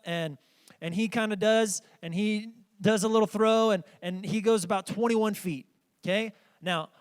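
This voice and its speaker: In a church sanctuary, a male pastor in his thirties preaches a storytelling sermon, chatting conversationally and directly with the congregation. His voice is high and clean.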